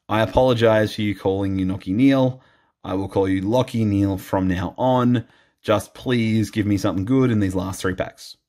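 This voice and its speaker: Playful man opening cards. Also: fairly low pitch. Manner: playful, self-mocking, laughs often, pleading. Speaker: card-opening YouTuber. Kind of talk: casual vlog commentary.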